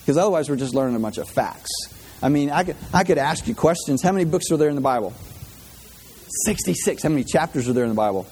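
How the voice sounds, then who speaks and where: A man's voice: fairly high pitch, expressive, quick pace, darkish tone, slight background noise. A man delivering a casual, conversational sermon with self-deprecating jokes and emotional, heartfelt moments. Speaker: pastor.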